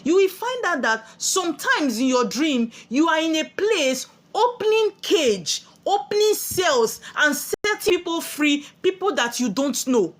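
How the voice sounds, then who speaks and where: A woman's voice: high-pitched, lively intonation, measured pace, few pauses. A woman with a Nigerian accent giving a spiritual sermon, preachy and full of rhetorical questions she answers herself. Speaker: spiritual teacher.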